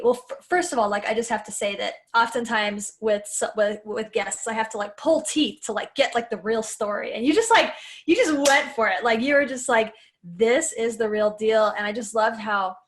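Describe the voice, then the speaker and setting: A woman hosting a podcast, reacting to her guest with enthusiasm and plenty of filler words. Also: a little high. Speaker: podcast host. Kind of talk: casual chat.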